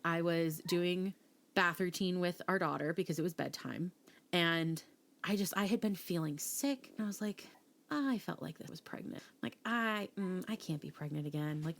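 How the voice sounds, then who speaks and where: Young woman on a podcast, kinda low voice, acts out the quotes, chatty. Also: normal speed, creaky. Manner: animated storytelling, acting out quotes. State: pregnant. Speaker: podcast co-host. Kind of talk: casual chat.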